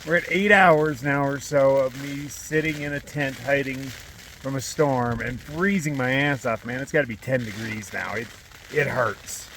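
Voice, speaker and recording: A man's voice: mid-range voice, a little slow, fairly bright tone, a little hiss or hum. A man filming a vlog from inside a small tent during a windstorm. He sounds cold, hungry and worn down, talking close to a handheld camera and swearing a lot. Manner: weary, frustrated, swears often. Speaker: long-distance hiker. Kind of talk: vlog filmed while camping.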